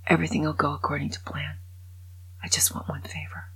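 A woman voicing a sly male devil making a bargain, in a husky, whispery voice. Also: low voice, level tone, fairly quick, a bit bright, heavily acted, poor audio.

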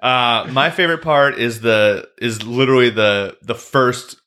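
Bright-voiced man chatting casually. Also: mid-range voice, a little slow. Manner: laughs often, fond of the film. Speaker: podcast co-host. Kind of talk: casual movie chat.

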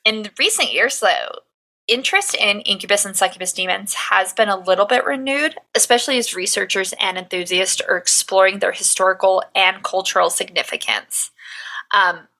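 A young woman co-hosting a podcast, talking in a loose, chatty way. Her voice is bright and forward, and she moves between history and jokes without slowing down. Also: mid-range voice, creaky. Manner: chatty, laughs often, mixes history with jokes. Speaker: podcast co-host. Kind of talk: casual chat.

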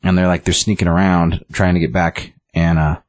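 A man's voice: low-pitched, flat delivery, normal speed, no echo. A man casually retelling a story, rambling with lots of "like" and restarts.

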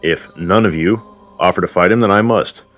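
A reluctant warrior king speaks plainly and a little hesitantly, as a man reads his part. The voice is very low, with faint music behind it. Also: moderate pace, a bit bright. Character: wary male warrior king, reluctant volunteer.

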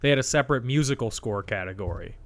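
Young man co-hosting a casual podcast. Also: mid-range voice. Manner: reads facts out in a halting, relaxed way. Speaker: podcast co-host. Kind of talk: casual chat.

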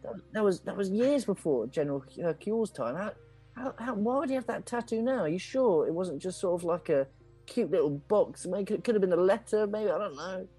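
A man's voice: high voice, lively intonation, fairly quick, dark tone, slightly rough, soft background music, voice pushed up. A man voicing a nervous young male rat soldier who stammers and hesitates, during a tabletop game. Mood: worried.

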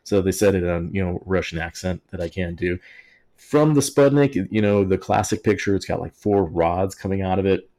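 Deep-voiced man, jokey podcast host. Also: normal speed, mellow. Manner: jokey, sarcastic storytelling. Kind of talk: casual history podcast chat.

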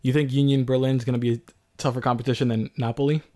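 A man co-hosting a sports podcast in casual chat, speaking in a measured, deliberate way and asking questions. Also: mid-range voice, little pitch movement, dark tone. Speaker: podcast co-host.

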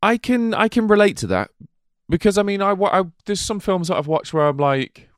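A man's voice: sits high, very animated, fairly quick, no echo, clean studio sound. A man in a casual film discussion, talking in a sweary, emphatic way and laughing easily as a podcast co-host.

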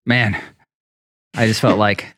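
A man in casual podcast chat, telling animated anecdotes and swearing freely. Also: lowish voice, no echo. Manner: fast, profane, animated anecdotes. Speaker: podcast co-host.

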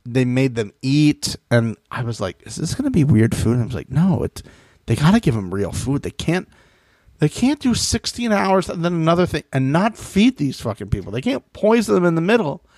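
Brief: male podcast co-host, lively swooping delivery, dry close sound, casual and mocking. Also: fairly high pitch, normal speed, no echo. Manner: animated, mocking, swears freely. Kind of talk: casual chat about reality TV.

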